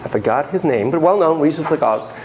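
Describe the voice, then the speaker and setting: A middle-aged man lecturing on psychotherapy to a class, telling stories in an animated, digressive way full of asides. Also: a little high, quick pace, slight background noise, rough recording. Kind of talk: lecture with storytelling.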